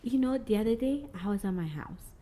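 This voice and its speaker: Animated woman telling a story. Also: on the high side, fairly quick. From Mozambique. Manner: animated, acts out quoted dialogue, frequent "like". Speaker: guest. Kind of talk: casual storytelling interview.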